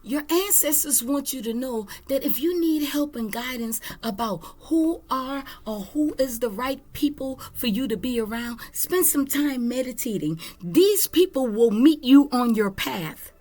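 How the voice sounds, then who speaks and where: A woman giving a spiritual tarot reading, slow, emphatic and earnest. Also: sits high, animated, warm tone. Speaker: tarot reader.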